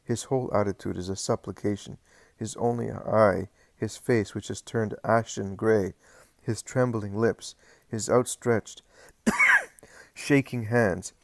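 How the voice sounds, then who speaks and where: A man reading a religious story aloud in measured, earnest narration. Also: lowish voice, steady tone, darkish tone, dry recording. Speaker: audiobook reader. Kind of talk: scripted narration.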